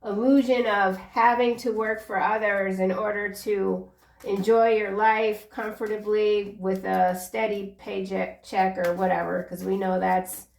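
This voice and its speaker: A woman's voice: mid-range voice, gravelly, roomy sound, recorded from a distance, a little hiss or hum. A woman in her forties giving a casual tarot reading, chatty and earnest, encouraging the listener and drifting into personal asides. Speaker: tarot reader.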